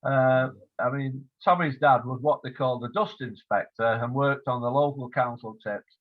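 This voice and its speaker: A man's voice: mid-range voice, steady tone, moderate pace. Older man reminiscing over a tinny line. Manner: warm storytelling with fillers, acts out quoted voices. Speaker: author interviewed about his biography. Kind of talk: relaxed reminiscing interview. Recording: phone-like lo-fi line.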